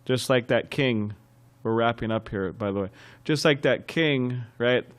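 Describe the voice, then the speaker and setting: A man giving a scriptural class as a sermon, telling anecdotes in a lively way, chuckling and often restarting phrases. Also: medium pitch, a little slow, clean tone. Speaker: temple class speaker. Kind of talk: sermon with storytelling.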